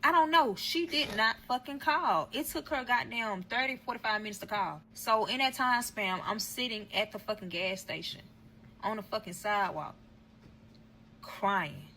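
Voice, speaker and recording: A woman with a bright, forceful voice tells a story straight to camera in a casual vlog. She is blunt and profane, talks right to her viewers, and slips into other voices for quotes. There is faint noise behind her. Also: on the high side, moderate pace, rough recording. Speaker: storyteller recounting a breakup.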